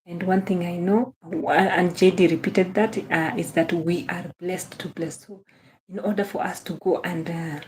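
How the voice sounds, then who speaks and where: Effusive Kenyan woman with a mellow, low voice. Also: little pitch movement, normal speed. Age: young adult. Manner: effusive, repeats phrases, greets viewers by name. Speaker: livestream host. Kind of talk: casual livestream chat.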